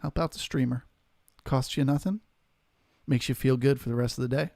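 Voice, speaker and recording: A man's voice: mid-range voice, fairly even intonation, moderate pace, vocal fry, a little mellow, no room sound, clean studio sound. A man hosting a live trading stream, steadily talking through market levels and greeting viewers in chat.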